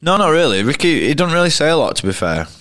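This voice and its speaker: A man in his thirties with a fairly bright, high-leaning voice talks fast and very animatedly. He's a cricketer appearing as a guest in a casual storytelling interview, telling rambling anecdotes packed with fillers and frequent restarts.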